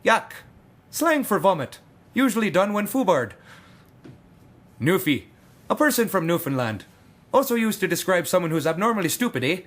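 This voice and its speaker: High, lively wry-voiced man. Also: moderate pace, pauses often. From Canada. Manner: wry, deadpan definitions. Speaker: co-narrator. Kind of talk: scripted comedic glossary reading.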